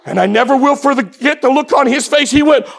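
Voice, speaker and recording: A man preaching a sermon, telling a story with animation and swinging from hushed tones up to shouting. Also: very high voice, a little fast, vocal fry.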